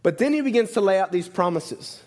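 A man's voice: high voice, lively intonation, a little fast, a little mellow. A man preaching a sermon in a conversational way, often asking "right?" and restarting his sentences. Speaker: pastor.

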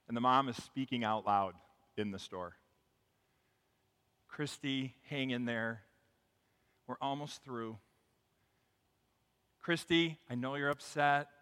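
Bright-voiced pastor in a reverberant church. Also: male voice, mid-range voice, clear, resonant tone. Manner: conversational, upbeat, tells jokes and stories. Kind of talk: sermon. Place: church sanctuary. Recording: long hall reverb.

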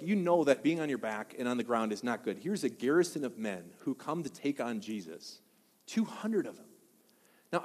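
A young man from Wisconsin preaches to his congregation, mixing scripture with animated personal stories and direct questions to the crowd. His voice sits at an ordinary male pitch. A long reverb from the church hall trails each phrase. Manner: animated storyteller, asks the audience questions. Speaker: pastor. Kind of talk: sermon.

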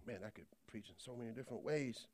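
A man preaching a sermon, swinging from quiet asides to shouted points. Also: mid-range voice, fast talker, slight background noise.

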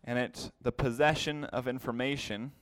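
A man's voice: mid-range voice, steady tone, moderate pace, smooth, no room sound. Male Bible teacher at a whiteboard; explanatory, repeats key terms; close, dry sound. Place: classroom with a whiteboard.

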